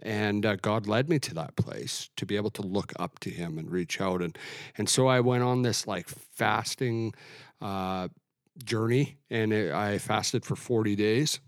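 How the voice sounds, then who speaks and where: Middle-aged man, low voice, dry close sound; earnest, halting testimony-style storytelling. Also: dry recording. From Alberta, Canada. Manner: earnest, reflective, halting with restarts. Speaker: guest sharing testimony. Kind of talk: personal testimony in interview.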